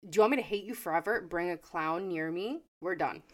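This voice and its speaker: A young adult woman co-hosting a casual podcast, expressive and jokey, and she swears freely. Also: on the low side, brisk. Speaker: podcast co-host. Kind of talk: casual chat.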